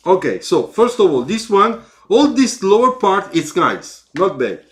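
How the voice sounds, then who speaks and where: A man with an Italian accent giving live feedback on car sketches, slow and halting, with encouraging asides. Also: high-pitched, sing-song.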